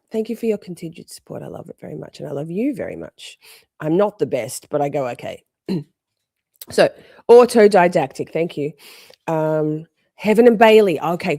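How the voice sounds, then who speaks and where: A woman's voice: sits low, expressive, moderate pace, vocal fry, warm tone, no room sound, clean studio sound. A woman live streaming, rambling in casual chat, swearing freely and greeting viewers in the chat.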